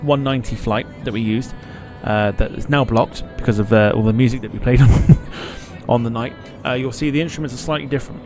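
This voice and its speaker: A man's voice: medium pitch, fairly even intonation, a little fast, darkish tone, faint music behind. A man hosting a live flight-sim stream, chatting casually, swearing freely and reading comments aloud.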